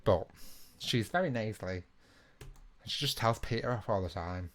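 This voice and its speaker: A man's voice: fairly low pitch, normal speed, pauses often, fairly bright tone. A young man hosting a live online quiz alone in a small room, chatty and self-mocking as he reads out the questions. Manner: chatty and self-mocking, laughs at his own attempts at impressions. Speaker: quiz host.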